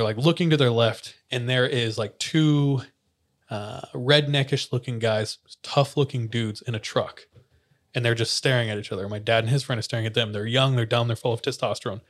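A young man tells a story to a friend in relaxed podcast chat. He acts out what other people said and laughs along as he goes. His voice sits at an ordinary pitch for a man. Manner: animated storyteller, acts out quotes, laughs often.

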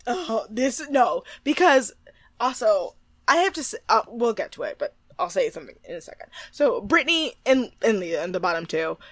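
A woman's voice: on the high side, sing-song, normal speed, fairly bright tone. A woman co-hosting a casual show, recapping TV with friends; she laughs often and swears freely. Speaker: podcast co-host.

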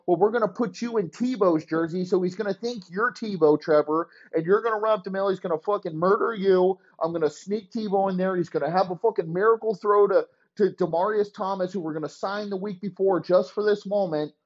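A man's voice: high-pitched, dull audio, pitched above the performer's own voice. A man doing a scheming football coach. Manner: bossy, plotting, explaining a scheme. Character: scheming middle-aged male football coach.

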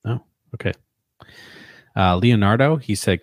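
A man co-hosting a podcast in relaxed chat, reading out quotes with small chuckles. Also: low-pitched, moderate pace, no echo, clean studio sound. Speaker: podcast co-host.

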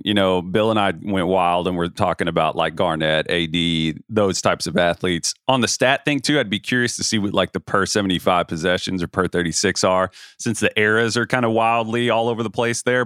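Man, podcast co-host, low voice, rambling casual chat, dry close mic. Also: fairly bright tone, dry recording. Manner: rambling, self-deprecating, many restarts.

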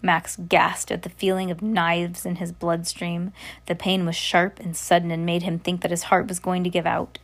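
A woman's voice: lowish voice, level tone, normal speed. A woman reading a novel aloud, chatty and correcting her slips, with casual asides. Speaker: audiobook reader.

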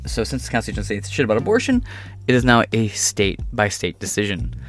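A man's voice: fairly low pitch, very animated, quick pace. A man rants through a reaction commentary, swearing freely and leaning on sarcasm. His tone is combative and direct, addressing the listener head-on. Faint music sits in the background. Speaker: political commentator.

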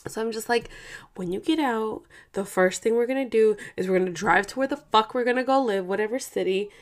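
A woman's voice: fairly high pitch, brisk. Rambling, foul-mouthed Bay woman. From Oakland, California. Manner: rambling, profane, slangy storytelling. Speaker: vlog host. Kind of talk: casual chat.

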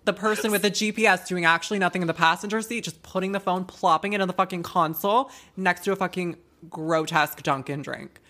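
Young woman, low voice, blunt teasing couple podcast chat, swearing. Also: fast talker, few pauses, fairly bright tone. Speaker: podcast co-host.

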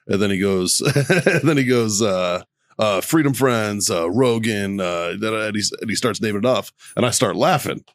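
A man co-hosting a podcast tells stories with plenty of swearing. He acts out both sides of his phone calls in a fairly low voice. The sound is dry and close to the mic. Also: animated, normal speed, dry recording. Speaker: podcast co-host. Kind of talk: casual chat.

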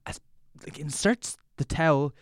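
A man's voice: on the high side, measured pace, no echo, clean studio sound. An Irish man casually telling a story on a podcast, rambling with many fillers and frequent laughter. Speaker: podcast co-host. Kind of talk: casual chat.

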